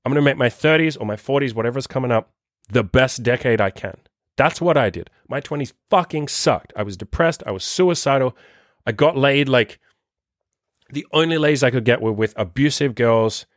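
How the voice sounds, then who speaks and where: A man's voice: medium pitch, normal speed, dry recording, studio quality. A man in his thirties hosting a dating-coach podcast, giving a blunt, profane motivational rant. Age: 30s. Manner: profane, forceful, rambling.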